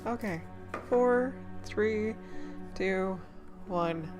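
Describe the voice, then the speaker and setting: Crying and tearful, a young woman streaming live talks casually, breaking into laughter between words. She speaks extremely slowly in a medium pitch, with faint background music behind her.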